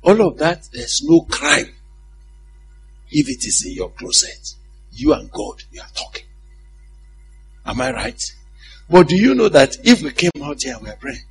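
A man preaching a sermon in an animated, humorous way, often asking the congregation if they follow him. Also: a little high, a little slow, creaky, pauses often, faint music behind, rough recording.

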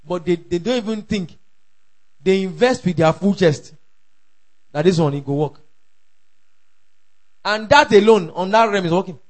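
A man preaching a sermon, emphatic and repetitive, calling out declarations and shouting at the peaks. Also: sits high, measured pace, pauses often. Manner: emphatic, repeats lines for the crowd to echo, shouts at peaks. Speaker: pastor.

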